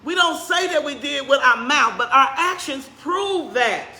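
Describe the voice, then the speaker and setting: A woman pastor preaching in a church sanctuary, her voice bright and sharp. Her delivery is conversational and animated, and she speeds up and slows down for emphasis. The room gives a roomy, echoing sound. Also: high voice, slight background noise. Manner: conversational preaching, questions to the congregation. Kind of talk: sermon.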